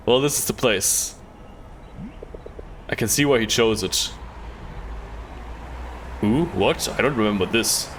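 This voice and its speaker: A man's voice: fairly low pitch, slow pace, pauses often, a bit bright, a little hiss or hum. Casual male streamer reading game text. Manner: casual, stumbles over words, swears offhand. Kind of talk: live game playthrough, reading dialogue aloud.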